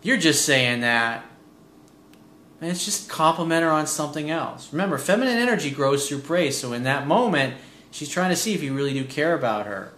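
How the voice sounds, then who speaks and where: A man's voice: on the high side, lively intonation, fairly quick, fairly bright tone. A man giving blunt, profane dating advice while reading out a listener's letter. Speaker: dating coach. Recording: roomy echo.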